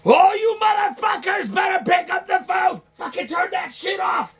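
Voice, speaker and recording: A man putting on a panicked male office worker in a high, yelling voice. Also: animated, moderate pace, some chatter behind. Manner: frantic, shouting.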